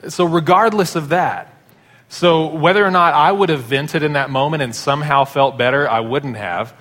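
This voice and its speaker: A pastor preaching a sermon, telling stories in a conversational way. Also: male voice, on the high side, moderate pace, fairly bright tone. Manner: conversational storytelling. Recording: long hall reverb.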